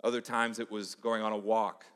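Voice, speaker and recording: A man's voice: fairly low pitch, level tone, normal speed, clear, resonant tone. Male pastor, middle-aged, storytelling sermon style, long hall reverb. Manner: conversational, storytelling, drops to a hush for emphasis. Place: church sanctuary. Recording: echoey church hall.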